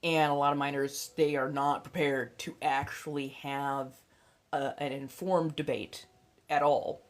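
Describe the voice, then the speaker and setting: On a casual livestream, a young adult woman who hosts and reads tarot speaks in a low, unhurried voice with little pitch movement. She's blunt and talkative, swears freely, and scatters fillers and laughs throughout.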